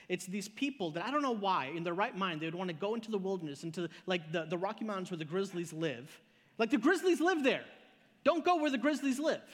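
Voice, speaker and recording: A pastor preaching a sermon live, telling stories in an animated way, repeating words and swinging between loud and soft. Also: male voice, high voice. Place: church auditorium. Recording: live in a church hall with long reverb.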